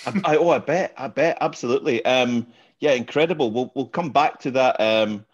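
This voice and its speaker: A man's voice: medium pitch, moderate pace. A man hosting a podcast, asking his guest questions and affirming his answers in an encouraging way. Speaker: podcast host. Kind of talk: interviewing a guest. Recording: muffled lo-fi sound.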